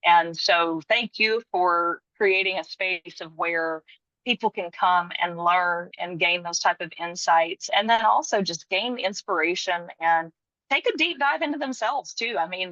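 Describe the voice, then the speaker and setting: Woman guest on a podcast, bright kinda lowish voice, sincere n reflective, slightly dull lo-fi sound, dry. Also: unhurried, dry recording. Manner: reflective and sincere, speaks of faith, laughs lightly. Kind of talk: casual interview chat.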